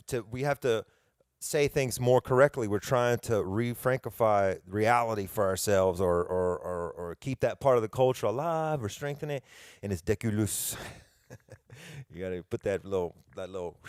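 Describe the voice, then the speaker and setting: Rambling Southern US podcast host. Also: male voice, lowish voice, clean tone, dry recording, studio quality. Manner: rambling, chatty, self-deprecating. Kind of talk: casual podcast monologue.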